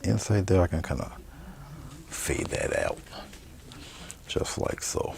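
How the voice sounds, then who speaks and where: A man giving a painting demonstration, talking through each brushstroke in a relaxed, murmured way. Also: extremely low pitch, slow, vocal fry. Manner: relaxed, murmured step-by-step commentary while painting. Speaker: painting instructor.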